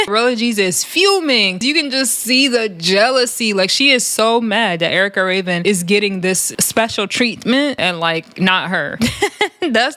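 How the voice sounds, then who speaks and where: A woman's voice: medium pitch, no echo. Woman chatting a reality show recap, lots of laughs, does the voices, dry close sound. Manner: animated, laughs often, acts out quotes. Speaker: commentary host.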